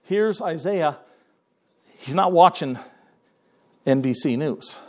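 Male pastor, fairly high voice, folksy sermon delivery, repeats himself, reads old-style scripture. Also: lively intonation, slow pace. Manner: folksy, repeats words, quotes scripture in King James wording.

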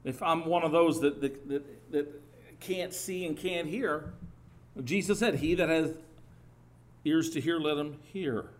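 A middle-aged pastor with a voice on the high side preaches a sermon earnestly and with energy. His speech rises into emphatic bursts and occasionally stalls and restarts.

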